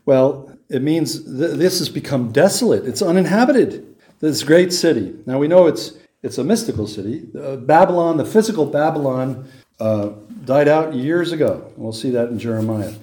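A man's voice: medium pitch, expressive, normal speed, warm tone, reverberant. A man preaching a sermon, reading scripture with rising emphasis and then explaining it in a conversational way with rhetorical questions. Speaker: pastor.

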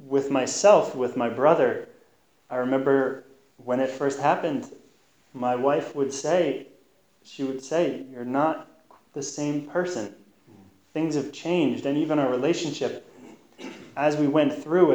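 A man preaches a sermon on scripture with a medium-pitched voice. He talks earnestly, stumbling and restarting as he goes. The recording is roomy and echoey, with a faint hum of noise behind him. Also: a little mellow. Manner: earnest, halting, with frequent restarts.

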